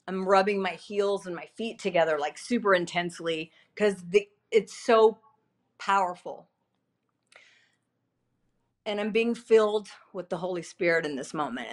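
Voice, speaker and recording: A woman in her fifties, a podcast guest, giving an emotional personal testimony in a halting, repetitive, earnest way with many fillers. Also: on the low side.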